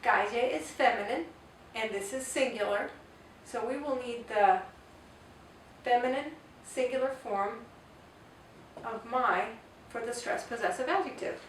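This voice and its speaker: A woman's voice: a little high, a little slow, pauses often. A woman teaching a grammar lesson, patiently spelling out word forms one at a time. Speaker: Spanish teacher. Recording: echoey room, far from the mic, faint hiss.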